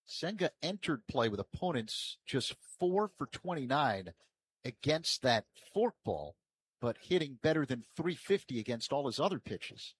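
A man calling baseball play-by-play from a ballpark booth, with measured calls that lift and get louder on each pitch. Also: very animated, a little hiss or hum. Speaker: play-by-play announcer.

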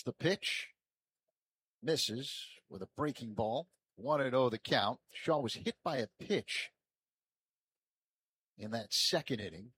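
A man calling baseball play-by-play from a ballpark booth, with measured calls that lift and get louder on each pitch. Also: a little hiss or hum. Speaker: play-by-play announcer.

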